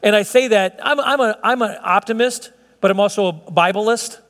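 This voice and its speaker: Brief: middle-aged male pastor, high-pitched, earnest and chatty, church hall with long echo. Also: moderate pace, a bit bright. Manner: earnest, conversational preaching with frequent restarts and chuckles. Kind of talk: sermon.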